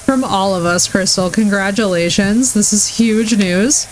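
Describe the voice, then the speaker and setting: Gushing, excitable woman streamer. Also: medium pitch, measured pace, slight background noise, poor audio. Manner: gushing, effusive and excitable, talking to chat. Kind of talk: casual live-stream chat.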